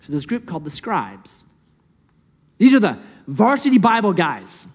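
A man preaching a sermon in a conversational, lively way, asking the listeners rhetorical questions. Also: sits high, a little slow, husky, long reverb tail. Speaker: pastor.

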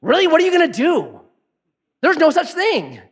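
A pastor delivering a sermon in a conversational, animated way, often asking the congregation questions. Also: male voice, very high-pitched, normal speed.

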